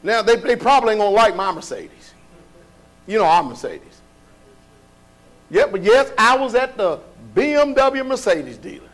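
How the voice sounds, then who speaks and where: High-voiced man preaching a folksy sermon. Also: very animated, normal speed, long pauses, soft background music. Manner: preaching with rhetorical questions, rising to shouts; colloquial, folksy delivery. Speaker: pastor.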